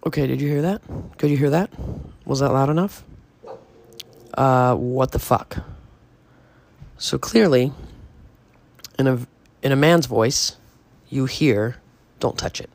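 Podcast host, male, mid-pitched and gravelly, casual and rambling, swears a bit. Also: slow, pauses often. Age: adult parent. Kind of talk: casual storytelling to listeners.

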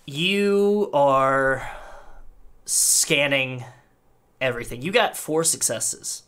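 A man's voice: mid-range voice, expressive, very slow, pushed and bright, smooth. A man narrating as game master in a tabletop game, loose and full of fillers.

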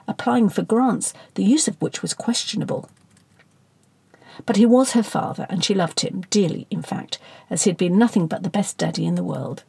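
A woman's voice: lowish voice, gravelly, warm tone, breathy edge, dry recording. A woman reading satirical fiction aloud as an audiobook narrator, with a wry, sardonic delivery.

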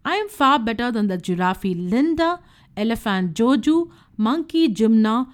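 A woman voicing a boastful young male rabbit in a children's storybook reading, with a quick, bragging delivery. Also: a little high, lively intonation.

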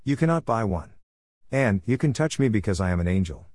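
A stiff, formal angel of death who lectures everyone with lofty correctness, as a male storyteller puts him on. His voice sits a touch higher than the reader's own low register, dry and close with no room around it. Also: big pitch swings, brisk, darkish tone, no room sound. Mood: stern.

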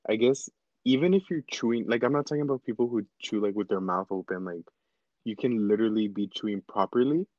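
A young man with a somewhat low voice rambles as a podcast guest, full of "like"s and restarts. The recording is dry with no room sound. It is also a little dull and lo-fi. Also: quick pace, no room sound. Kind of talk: casual chat.

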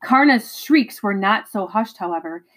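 A woman reading a novel chapter aloud, expressive and dramatic, with occasional stumbles. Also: mid-range voice, a little slow, rough recording. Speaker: reader.

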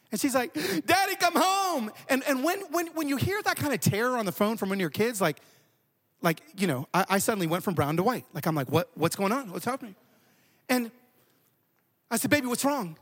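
A man preaching a sermon, an animated storyteller who often repeats words. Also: sits high. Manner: animated, repeats words while telling stories. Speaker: pastor.

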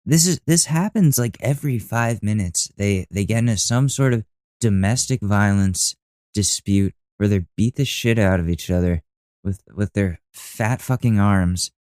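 Low-voiced young man mocking a clip. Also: normal speed, a little mellow, no echo, studio quality. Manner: mocking, profane, rambling commentary. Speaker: podcast host. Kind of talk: reacting to a video clip.

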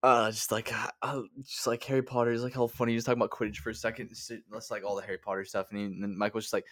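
A man's voice: lowish voice, flat delivery, rapid-fire, fairly bright tone, dry recording, clean studio sound. A young man co-hosting a podcast, laid-back and laughing often, swearing in casual chat. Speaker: podcast co-host.

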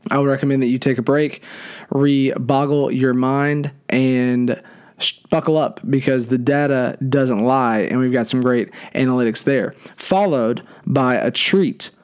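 A man's voice: mid-range voice, fairly even intonation, measured pace, smooth. A young man hosting a casual fantasy league podcast, talking in hyped, rambling bursts. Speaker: podcast host.

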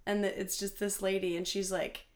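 A woman's voice: medium pitch, flat delivery, normal speed. A young woman, a college student, co-hosting a casual chat podcast from her bedroom, telling a long story and acting out the people in it. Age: young adult. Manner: chatty storyteller, acts out quoted people. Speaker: podcast co-host.

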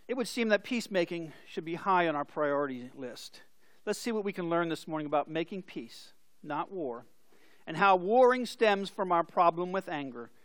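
A man's voice: a little high, no echo. A male pastor preaching a sermon, explaining scripture and telling stories with acted-out voices.

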